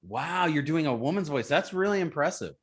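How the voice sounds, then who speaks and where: A man's voice: a little high, animated, fairly quick, husky. A man co-hosting a comedy podcast, teasing and sarcastic in casual chat. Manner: teasing, sarcastic, laughs along. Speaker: podcast co-host.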